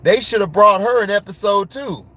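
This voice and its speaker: A man's voice: high voice, normal speed, a bit bright. A man ranting casually to his viewers, blunt and full of slang, laughing and getting worked up. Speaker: vlogger.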